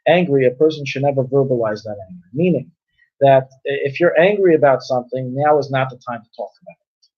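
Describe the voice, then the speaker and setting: A man giving a relaxed Torah class at a middle pitch, talking it through with everyday examples. He often repeats himself and restarts phrases as he explains. The recording sounds dull and lo-fi. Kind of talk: conversational Torah class lecture.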